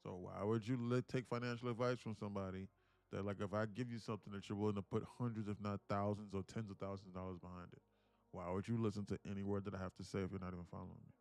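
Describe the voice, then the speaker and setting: A man's voice: on the low side, flat delivery, fast, darkish tone, no echo. A man day trader talking casually and bluntly on a live stream, rambling and laughing often.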